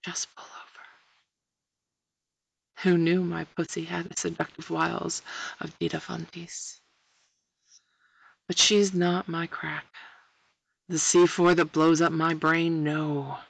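A woman reading a first-person erotic story aloud in a sultry, breathy manner that slips into whispers. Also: lowish voice, little pitch movement, takes it slowly, long pauses, no echo. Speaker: narrator.

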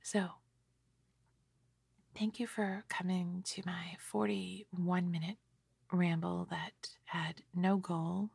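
A tired middle-aged woman rambles in a whispered ASMR style, soft and gently self-mocking. Her whisper is airy and husky with a gravelly edge. She takes her time, and she sits close to a dry microphone. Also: on the low side, flat delivery, slow pace, pauses often, dry recording. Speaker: ASMR creator.

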